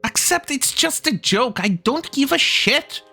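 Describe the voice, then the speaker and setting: A man's voice: extremely high pitch, expressive, a little slow, creaky, bright, forceful tone, soft background music. A man hosting a commentary video, ranting with heavy swearing and scorn, often stumbling and restarting his sentences. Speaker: commentary channel host.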